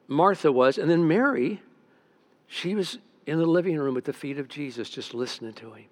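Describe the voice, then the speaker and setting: Older guy pastor preaching, folksy storyteller, kinda high voice, goes soft then loud. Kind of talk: sermon.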